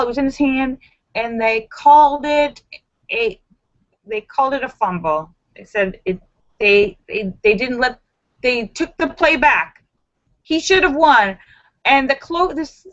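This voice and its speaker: A woman hosting a casual live-stream chat, talking in an animated, emphatic, sassy way. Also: high-pitched, lo-fi sound. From Los Angeles area. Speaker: livestream host.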